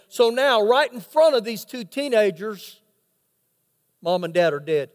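Male pastor with a very high voice; dramatic sermon storyteller, recorded with long church-hall reverb. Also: a little slow. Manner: dramatic storytelling with rhetorical questions. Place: church sanctuary.

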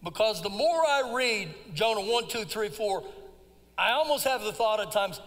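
High-voiced preacher. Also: male voice, lively intonation, normal speed. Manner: swings from low asides to loud shouted emphasis; folksy, conversational preaching. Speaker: pastor. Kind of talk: live sermon. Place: church sanctuary during a service. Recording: long hall reverb.

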